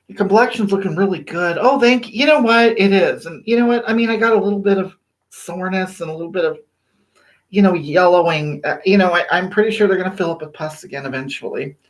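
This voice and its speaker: A woman's voice: mid-range voice, lightly acted. A woman playing a vain livestreamer who chats from her bathroom, reading viewer comments aloud, gushing over compliments and snapping back at critics. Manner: gushing and self-flattering, sassy toward critics. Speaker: livestream host. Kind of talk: live-stream chat reading viewer comments. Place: small bathroom.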